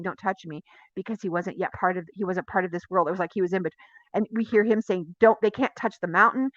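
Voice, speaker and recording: A woman teaching a Torah portion in a casual, animated way, acting out dialogue and asking her listeners questions. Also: fairly high pitch, no echo. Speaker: Bible teacher. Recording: dry, dull lo-fi sound.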